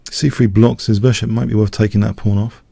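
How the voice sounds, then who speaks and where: A man's voice: on the low side, little pitch movement, a little fast, vocal fry, warm tone, breathy edge, no echo. A man streaming live blitz chess, thinking aloud and muttering moves in short clipped phrases.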